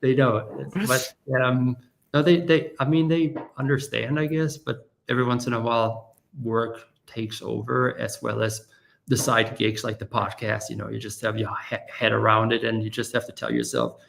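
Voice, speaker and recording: A man speaking as a podcast guest in a relaxed, halting chat with fillers and restarts. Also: medium pitch, vocal fry. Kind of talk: casual chat. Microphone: podcast or live stream mic.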